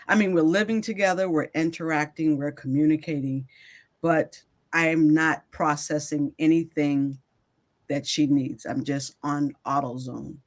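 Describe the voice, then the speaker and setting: A woman co-hosting a podcast, speaking softly and reflectively as the guest's mother. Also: low voice. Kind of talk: reflective conversational talk.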